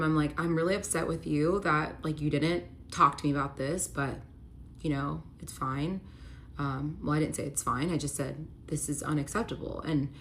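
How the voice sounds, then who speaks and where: A woman's voice: sits low, slight background noise. A young woman candidly telling a personal storytime, confessional and at times emotional.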